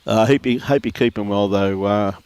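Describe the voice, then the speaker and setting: Chatty Australian bowls commentator, low voice. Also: male voice, normal speed, darkish tone, clear, resonant tone, dry recording. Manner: chatty, laughs often, greets viewers by name. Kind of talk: live sports commentary and casual chat. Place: outdoor bowls green.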